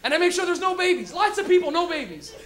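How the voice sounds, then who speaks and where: A young Canadian man hosting a comedy show, doing a loud, profane stand-up set and laughing at his own jokes on stage. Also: very high voice, very animated, quick pace. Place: comedy club stage, audience.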